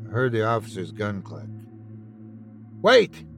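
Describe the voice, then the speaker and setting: A man tells a first-person horror story with tense, dramatic delivery. His voice sits at a middle pitch and moves with lively intonation. Clear background music plays under the narration. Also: measured pace.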